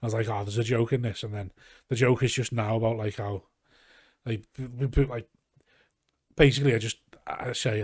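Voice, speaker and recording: A man's voice: medium pitch, fairly even intonation, brisk, pauses often, darkish tone, no room sound, studio quality. A man with a Scouse accent, a comedian guest on a casual podcast, telling rambling, sweary anecdotes and acting out what people said. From Liverpool, England. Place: garage.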